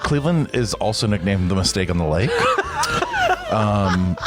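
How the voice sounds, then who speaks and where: A man's voice: low voice, lively intonation, loud music behind the voice. A man from the Midwest co-hosting a podcast, joking and teasing through casual banter. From Midwestern United States. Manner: playful, teasing, quick asides. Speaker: podcast co-host.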